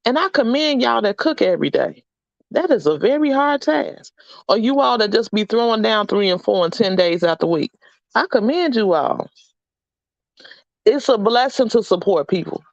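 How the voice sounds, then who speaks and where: A woman's voice: medium pitch, no echo, lo-fi sound. A middle-aged woman hosting a casual livestream chat, upbeat and encouraging as she reads out names from the chat. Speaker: livestream host.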